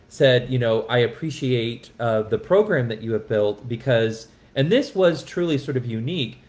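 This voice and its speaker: A man's voice: medium pitch, darkish tone. An impassioned man who teaches music, telling a personal story in a podcast conversation in an earnest way, often restarting his sentences. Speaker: music educator.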